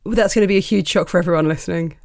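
A woman's voice: lowish voice, racing, vocal fry, a little mellow, no echo, clean studio sound. A woman co-hosting a podcast, bantering playfully in a casual chat. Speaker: podcast co-host, comedian.

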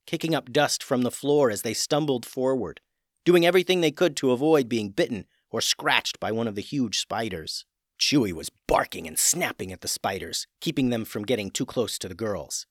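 A man narrating a children's fantasy story with expressive, dramatic storytelling. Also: mid-range voice, moderate pace, dry recording, clean studio sound.

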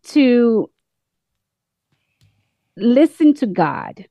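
A woman speaks with a British-sounding accent, calling into a program. She talks slowly and earnestly with measured pauses. The sound is close and dry. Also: a little high, very animated, gravelly, mellow, no echo. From United States. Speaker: caller. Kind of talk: call-in testimony.

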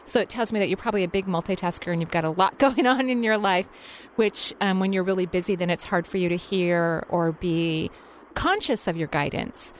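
A woman hosting a call-in radio show, giving a caller gentle intuitive career guidance with an encouraging, unhurried manner. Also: lowish voice, a little hiss or hum. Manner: soothing, encouraging, unhurried with many fillers.

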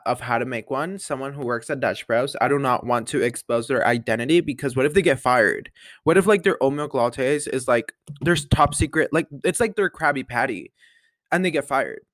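A man's voice: mid-range voice, fairly bright tone, no room sound, clean studio sound. A young man hosting a casual solo podcast, chatty and bubbly, rambling with playful asides. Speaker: podcast host. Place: bedroom with the window open.

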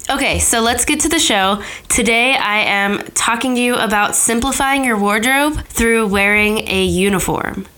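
A woman's voice: fairly high pitch, moderate pace, few pauses, sharp tone. A woman in her thirties hosting a casual podcast, talking in a chatty, candid way, her voice a little nasal from a cold. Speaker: podcast host.

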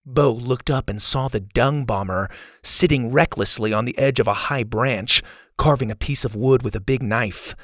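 A man reading a children's adventure audiobook as narrator, in an expressive, animated manner. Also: medium pitch, normal speed, no echo, studio quality. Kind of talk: scripted storybook narration.

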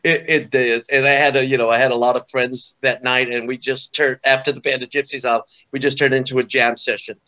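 A man's voice: mid-range voice, level tone, brisk, hardly any pauses, bright, forceful tone, highs cut off. A man in his sixties from Southern California, a guest musician telling stories in a rambling way, full of "you know" and restarts. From Orange County, California. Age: 60s. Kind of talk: casual storytelling interview.

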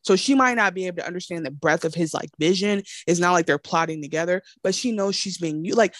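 A woman's voice: fairly low pitch, quick pace, no room sound, clean studio sound. A young adult woman with an African American English accent, co-hosting a casual show recap and acting out characters in exaggerated voices. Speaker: podcast co-host.

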